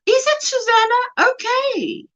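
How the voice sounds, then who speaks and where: A woman from South Africa hosting a casual crochet livestream, chatty and animated, gushing over yarn and reading viewer comments aloud. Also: extremely high pitch, unhurried. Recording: dull lo-fi livestream audio.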